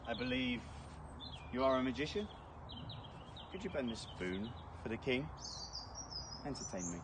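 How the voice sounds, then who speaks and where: A man's voice: mid-range voice, noisy background, lightly acted. Man playing a pompous arrogant king. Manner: grand, condescending, mocking, rising to furious shouts. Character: pompous arrogant male king, haughty and vain. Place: outdoors near stables. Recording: distant outdoor clip with faint ambience.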